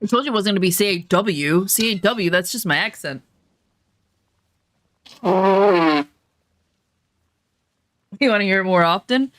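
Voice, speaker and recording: A woman's voice: medium pitch, unhurried, pauses often, fairly bright tone, dry recording. A woman streaming a survival game, chatting casually and jokingly with her viewers, swearing freely and poking fun at herself. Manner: self-mocking, easily flustered. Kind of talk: casual gameplay chat with viewers.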